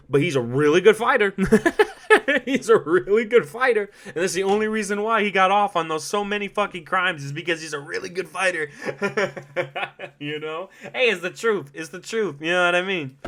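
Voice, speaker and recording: Male solo podcaster, brightish higher voice, loud bursts then mumbled asides, cusses and laughs. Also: a little fast. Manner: animated, swears a lot, laughs often; swings between loud outbursts and low asides. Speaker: podcast host.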